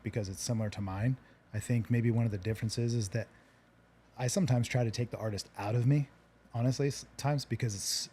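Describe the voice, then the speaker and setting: A man hosting a relaxed interview, earnest and reflective, often restarting his sentences. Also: medium pitch, a little hiss or hum. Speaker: podcast host. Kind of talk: casual interview chat.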